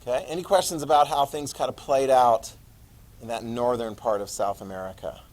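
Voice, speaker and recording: A man teaching a history class, animated, asking his students questions and answering them himself. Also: medium pitch, fairly quick. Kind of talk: classroom lecture.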